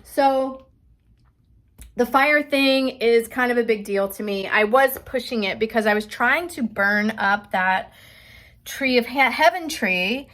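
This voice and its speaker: A woman's voice: on the high side, slow pace, a bit bright. A young adult woman vlogging in a casual, rambling way, with many fillers, indoors in an old house under renovation. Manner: chatty, tangential, many "like" fillers.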